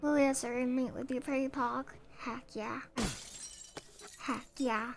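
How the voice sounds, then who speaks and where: A woman's voice: sits high, flat delivery, moderate pace, slight background noise. A woman streaming a game, joking around and commenting casually as she plays. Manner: playful, jokey and self-amused.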